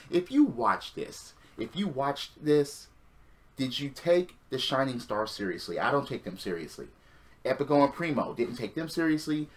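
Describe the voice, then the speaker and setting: A man recapping a wrestling show in a casual, sarcastic monologue, sighing and swearing freely. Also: medium pitch.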